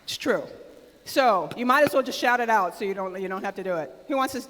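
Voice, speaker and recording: An American woman giving a conference keynote, energetic and loud, calling on the audience to shout out answers. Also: mid-range voice, quick pace. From United States. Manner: energetic, talks with the audience, asks them to shout out; loud and excitable, close to shouting. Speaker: keynote speaker. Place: large conference hall with a live audience. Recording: live hall with long reverb.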